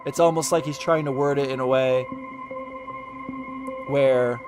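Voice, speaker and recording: A man's voice: medium pitch, fairly even intonation, a little slow, over music. A man giving casual reaction commentary while reading a lawsuit aloud, exasperated and sarcastic, stumbling over the legal wording. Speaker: commentary YouTuber.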